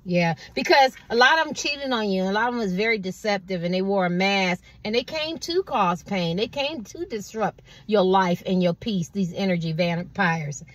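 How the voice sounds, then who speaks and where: A woman's voice: medium pitch, expressive, moderate pace, few pauses. A woman tarot card reader giving a casual collective reading, rambling and conversational and asking "you know what I mean" again and again.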